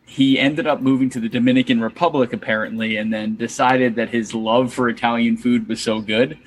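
A young man in a mid-pitched voice tells a story on a podcast in a relaxed, chatty way. A faint hiss sits under the recording. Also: a little fast. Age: young adult. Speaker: podcast co-host. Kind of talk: casual podcast chat.

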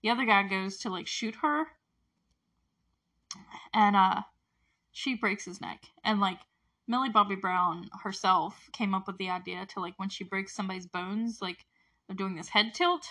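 A woman's voice: mid-range voice, normal speed. Chatty woman recapping a TV episode. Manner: chatty and animated, lots of fillers and tangents. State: close to tears at moments. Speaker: show recap host.

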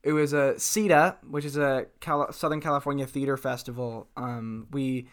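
A man's voice: mid-range voice, steady tone, moderate pace, clear, resonant tone. A young man co-hosting a comedy improv podcast, joking around in a playful, offbeat way. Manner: creepy whispering bits, playful. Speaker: podcast co-host.

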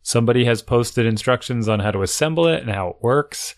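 A man with a mid-range voice chats easily with his co-host. He muses out loud, talks things through and pads his sentences with fillers. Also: mid-range voice, animated, brisk. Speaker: podcast co-host. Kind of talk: casual chat.

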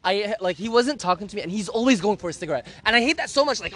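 Animated high-voiced man telling dramatic story. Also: rapid-fire. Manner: animated, dramatic storytelling with laughs and acted quotes; profane, campy. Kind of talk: casual chat.

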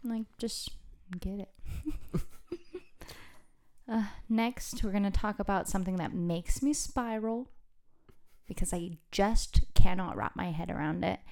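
Young woman co-host, mid-pitched, playful and dramatic chat. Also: unhurried, gravelly, pauses often, darkish tone. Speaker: podcast co-host. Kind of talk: casual chat.

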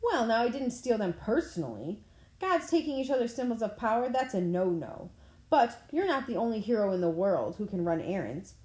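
A woman's voice: a little high, big pitch swings, moderate pace, a little mellow. A woman reading aloud, voicing a brash, mocking male war god in a roomy-sounding recording. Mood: taunting. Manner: swaggering, taunting. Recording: roomy echo.

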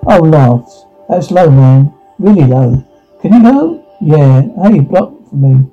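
A man's voice: medium pitch, slow pace, faint music behind. A man reading all parts of a teen drama scene aloud, speaking the sound cues between the lines, on a dull lo-fi recording.

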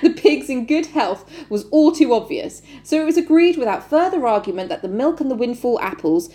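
A giggly woman reads a classic novel aloud for a podcast, her high voice bouncing up and down. She breaks off often for casual, chatty asides. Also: lively intonation, brisk, mellow. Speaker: host reading a book aloud. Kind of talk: casual podcast reading and chat.

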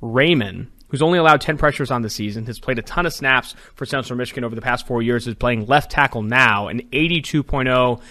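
A man hosting a sports podcast, reading through ranked prospects briskly and adding wry asides. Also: mid-range voice, pushed and bright. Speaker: podcast host. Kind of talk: reading a ranked list with casual chat.

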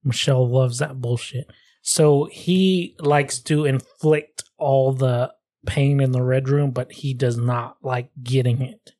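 A man's voice: medium pitch, fairly even intonation, slow pace, dark tone, no room sound. A man co-hosting a podcast, joking around in casual banter. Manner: jokey, plays with put-on accents. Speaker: podcast co-host.

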